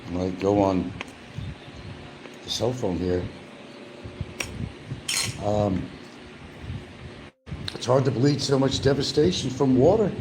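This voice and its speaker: A man's voice: mid-range voice, slow, long pauses, background noise. A man talking casually and rambling at home while he eats, grumbling about the news between bites. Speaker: vlogger. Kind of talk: casual eating vlog chat.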